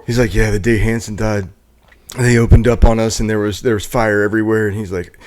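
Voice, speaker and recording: A man hosting a veterans podcast, relaxed, laughing along and retelling stories from his platoon. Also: fairly low pitch, brisk. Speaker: podcast host. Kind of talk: casual podcast chat.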